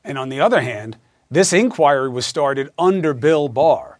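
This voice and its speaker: A man's voice: mid-range voice, animated, normal speed, dry recording, studio quality. A man hosting a news show, introducing stories and guests in an emphatic, conversational way. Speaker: host. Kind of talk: news commentary and interview.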